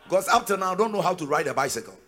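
Preacher guy, high and swinging all over, shouts the big lines, big echoey hall. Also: very animated, very fast. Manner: emphatic, sing-song preaching with shouted peaks. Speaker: pastor. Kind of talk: sermon. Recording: long reverb of a large hall.

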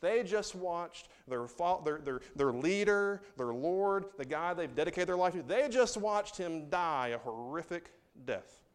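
Smooth-voiced man preaching a sermon. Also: on the high side. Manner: conversational, swings from loud reading to hushed asides. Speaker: pastor.

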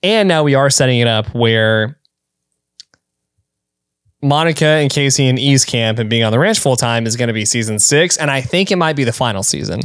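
A man's voice: medium pitch, normal speed, fairly bright tone, dry recording, clean studio sound. A young adult man co-hosting a casual chat, laughing often and laying out his predictions. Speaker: podcast co-host.

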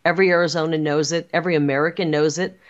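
A woman's voice: deep voice, steady tone, very fast, dull audio. A woman speaking as a political guest in an interview, defiant and insistent, hammering her points with repeated phrases. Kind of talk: emphatic interview talk.

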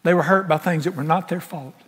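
A middle-aged pastor, preaching a folksy, impassioned sermon that swings from loud to soft. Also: male voice, on the high side, fast talker, husky. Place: large church sanctuary. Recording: echoey sanctuary with long reverb.

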